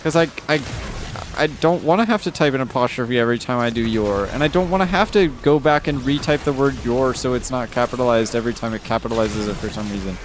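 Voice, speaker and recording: A man on a live stream rants fast and casually while going through chat comments, cursing heavily with an exasperated, rising pitch. There's a little hiss or hum in the audio.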